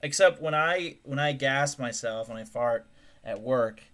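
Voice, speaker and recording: A man's voice: medium pitch, measured pace, a bit bright. A man hosting a podcast in casual comedic chat, joking crudely with lots of swearing and frequent laughter. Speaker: podcast host.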